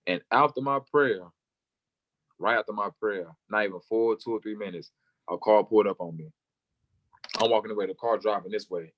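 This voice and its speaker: A young man, a football player, telling his story in an interview and acting out the people he quotes, sometimes jumping way up in pitch for their lines. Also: normal speed, fairly bright tone, a little hiss or hum. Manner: acts out quoted voices, jumping high for other people.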